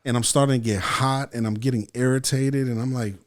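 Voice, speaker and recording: A man's voice: mid-range voice, fairly even intonation, a little fast. A middle-aged man from El Salvador, a podcast guest, telling a long story in casual chat, full of swearing, and acting out his own thoughts as he goes. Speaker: podcast guest, actor and writer.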